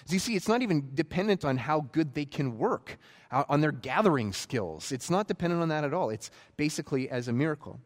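A man preaching a sermon, retelling a story in an animated way and acting out quotes. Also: a little high, brisk, long reverb tail. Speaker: pastor.

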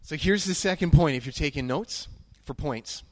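A pastor preaches a sermon in a fairly high man's voice, earnest and emphatic. He repeats his key phrases. The sound is dry and close. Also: moderate pace, darkish tone, no room sound.

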